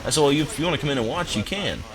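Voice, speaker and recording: A young man commentating his gameplay from a home office, telling a story in a relaxed, rambling, amused way. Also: fairly high pitch, rapid-fire, background noise. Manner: laid-back, rambling, amused. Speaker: gaming commentator. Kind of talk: casual storytelling over gameplay.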